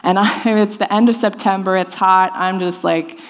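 A woman's voice: medium pitch, steady tone, moderate pace. A woman in her thirties giving a sermon, telling a personal story in a loose, conversational way with lots of restarts. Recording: long hall reverb.

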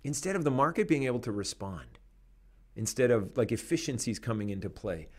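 Man, podcast host, emphatic, lively rising and falling pitch, conversational commentary. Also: fairly quick. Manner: animated, emphatic, laughs between points.

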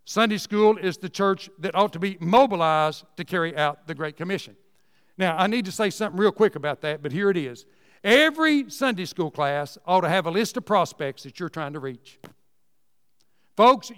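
A high-pitched man delivers a sermon with folksy, emphatic conviction, repeating his points to drive them home. His clean, slightly bright voice rings out with long reverb, as though filling a large church sanctuary.

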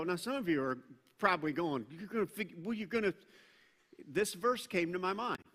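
Middle-aged male pastor, bright and slightly high voice, chatty sermon with punchy bursts, echoing church hall. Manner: conversational, joking asides, bursts of emphasis.

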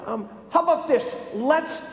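A soft-spoken father coaxes his small daughter with kind offers, put on by a preacher in a high voice. His lines carry a long, echoing tail. There is no edge in him, only patient reassurance. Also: animated, a little slow, exaggerated voice. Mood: coaxing. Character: worried successful father coaxing his daughter. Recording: echoey, reverberant space.

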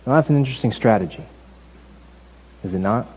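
A man preaching a sermon as pastor in a relaxed, conversational way, telling the story with lively asides. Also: mid-range voice, brisk, husky, poor audio. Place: church building.

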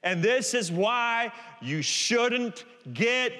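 A man's voice: very high voice, lively intonation, extremely slow, pushed and bright. A man preaching a sermon in a church, emphatic, and he keeps asking the congregation to call the words back. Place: large church hall. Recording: reverberant church hall.

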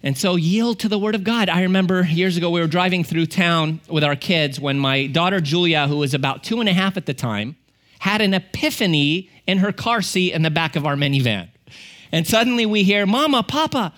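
Animated, joking male guest preacher. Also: sits high, fairly quick. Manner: humorous, animated storytelling. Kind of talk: sermon.

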